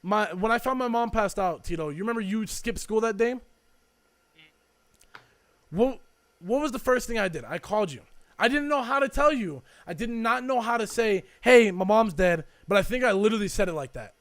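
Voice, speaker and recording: High-voiced young man musing casually. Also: animated, fairly quick, a bit bright. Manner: rambling, heavy on fillers, reflective. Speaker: podcast co-host. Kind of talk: casual chat.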